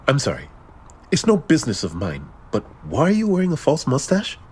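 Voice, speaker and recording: A man's voice: medium pitch, huge pitch swings, fairly quick, a little mellow, husky. An actor playing a polite, bewildered man caught up in strangers' drama, who speaks hesitantly. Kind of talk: theatrical stage acting.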